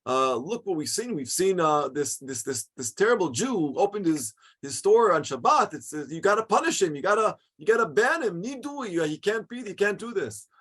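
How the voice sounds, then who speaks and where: A man's voice: sits high, sing-song, moderate pace, few pauses, a bit bright, slightly rough, voice pushed up, full character voice. A man voicing indignant worshippers who insistently demand that a rule-breaker be punished. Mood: outraged. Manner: outraged, insistent.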